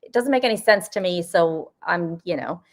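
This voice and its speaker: Woman, 50s, paranormal investigator, lower pitched, loose and rambling, laughs a lot, casual interview. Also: expressive, moderate pace. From US Northeast. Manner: rambling, full of "you know" and "like", laughs often.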